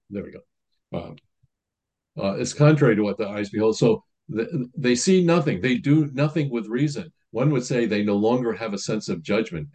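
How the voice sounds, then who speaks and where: A man's voice: medium pitch, a little mellow. A man priest giving a sermon in a conversational teaching manner, reading quotations aloud and explaining them.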